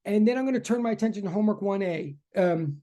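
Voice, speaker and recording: A physics instructor lectures over a video call, talking through ideas in a loose, self-correcting way. The voice is mellow and relaxed, with a middling pitch. Sentences get restarted and reworded as the thoughts come. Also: quick pace. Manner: rambling, self-correcting, earnest. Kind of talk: online class lecture.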